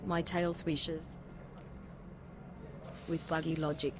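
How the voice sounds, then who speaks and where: A woman's voice: sits low, level tone, slow, noisy background. A text-to-speech voice in a woman's register giving lines for a terse, literal data-collecting construct. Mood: detached. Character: Wetware, a cold detached data-collecting construct.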